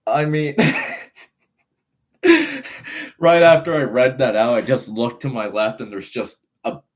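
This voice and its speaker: A slow, steady, medium-pitched male voice belongs to a nineteen-year-old Irishman with an American-sounding accent. He chats on a live stream in a relaxed, rambling way, reading chat aloud with plenty of laughs and fillers.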